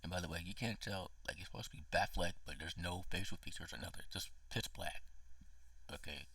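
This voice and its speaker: A low, gravelly man rants through a casual movie review, swearing and getting worked up, sometimes dropping into a hoarse whisper. His voice is bright and edgy but husky, and the sound is dry, from a mic set back a little. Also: fairly quick, no echo, recorded from a distance. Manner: emotional, profane, dramatic ranting with whispered asides. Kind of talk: casual spoken film review.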